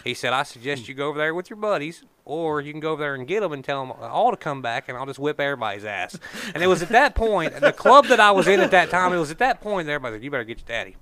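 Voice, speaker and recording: A man's voice: a little high, big pitch swings, rapid-fire, hardly any pauses, a bit bright. A man, a truck show organizer, chatting casually on a podcast and rambling through stories with plenty of swearing. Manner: rambling storyteller, swears freely.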